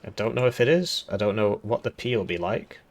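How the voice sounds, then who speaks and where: A man with a hoarse, slightly low voice talks through a strategy game review in a loose, rambling way. He thinks aloud, restarts sentences and fills pauses as he goes. It sounds like a casual voice-over recorded at a desk mic. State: raspy voice. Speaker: gaming YouTuber reviewing a devblog.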